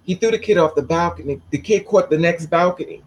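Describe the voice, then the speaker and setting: A woman telling a personal story to camera in a blunt, profane, animated way. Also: lowish voice, brisk, slightly rough, poor audio. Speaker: vlogger.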